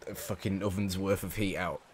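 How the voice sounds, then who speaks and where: Deep-voiced English gamer, jumpy and swearing. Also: male voice, steady tone, a little fast, a little hiss or hum. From England. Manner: jumpy, swearing, panicky muttering. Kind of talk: let's play commentary. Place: small hot room at home.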